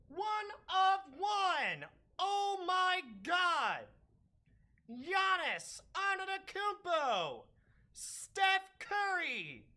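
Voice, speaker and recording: A woman hosting a live card-break stream, calling out players and shouting with excitement. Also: very high-pitched. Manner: hyped, calling out player names. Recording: faint music behind.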